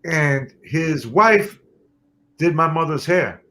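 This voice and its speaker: A man, a guest musician telling stories in an interview, animated and quick to laugh. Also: on the high side. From New York City. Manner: animated storyteller who laughs often. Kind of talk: storytelling in an interview.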